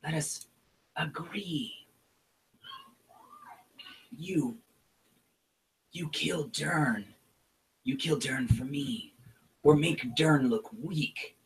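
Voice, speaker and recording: Dad doing a sneaky little goblin shaman lady, whispered role-play, higher hissy voice, mic kinda far. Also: animated, vocal fry, heavily acted. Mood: bargaining. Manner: hissing, conspiratorial, drawn-out words. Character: scheming female goblin shaman, small, floppy-eared.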